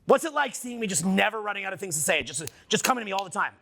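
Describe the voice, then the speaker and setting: A man giving a live seminar talk to an audience, animated and profane, firing questions at the crowd. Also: high voice, racing, creaky. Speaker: seminar speaker. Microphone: unamplified handheld mic.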